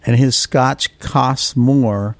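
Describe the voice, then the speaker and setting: A man, an orthodontist guest on a podcast interview, telling lively stories and acting out what others said. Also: medium pitch, very slow, no echo. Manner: animated anecdotes, acts out quoted voices.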